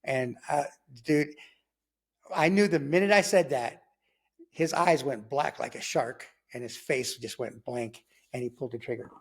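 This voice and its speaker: A man's voice: a little slow, husky. A man casually telling his own story in slangy talk, acting out sounds like gunshots as he goes. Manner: animated, slangy, acts out sounds like "boom" and "pow". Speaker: guest telling his testimony.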